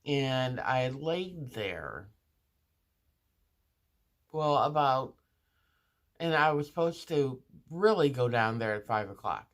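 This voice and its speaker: A woman's voice: a bass voice, lively intonation, takes it slowly, long pauses. A woman vlogger telling a casual story in a chatty monologue, with restarts and asides, acting out the other people in it.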